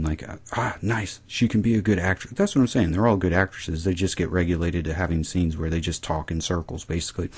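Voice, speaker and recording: A man with a low, husky voice recaps an episode in a loose, rambling way. His tone is mellow and dark, and he swears freely as he talks. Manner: rambling, profane.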